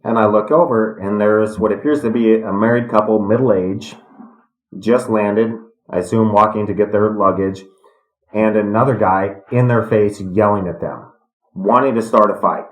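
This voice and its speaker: Calm low-voiced man in an echoey room. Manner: calm, measured, reflective. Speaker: guest, retired fighter. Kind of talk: storytelling in a podcast interview.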